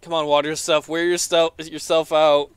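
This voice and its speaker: A man's voice: on the high side, little pitch movement, normal speed, clear, resonant tone, no echo. A man casually commenting on a game as he plays, exclaiming often, laughing and reading the game's text aloud. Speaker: let's player.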